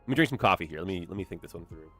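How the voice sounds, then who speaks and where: A man with a stuffed-up nose giving casual gameplay commentary, thinking aloud in a relaxed way. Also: sits low, very fast, soft background music. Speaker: game streamer.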